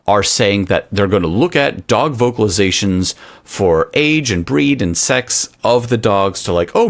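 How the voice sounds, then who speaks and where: Low-voiced sarcastic man, animated podcast chat. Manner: animated, sarcastic, acts out dog thoughts in voices. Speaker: podcast co-host. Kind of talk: casual chat.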